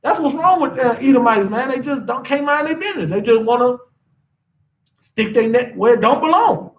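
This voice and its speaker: A man teaching a class in an animated lecture, ranting, constantly checking in with his listeners and tacking "man" onto his sentences. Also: very high voice, normal speed, far from the mic, rough recording. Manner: ranting, keeps asking the audience, says "man" a lot.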